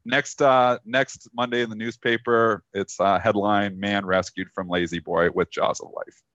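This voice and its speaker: Low-voiced man telling a rambling story. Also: normal speed, no echo, highs cut off. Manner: rambling, full of fillers, quotes friends in lively voices. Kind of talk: casual storytelling on a live trading show.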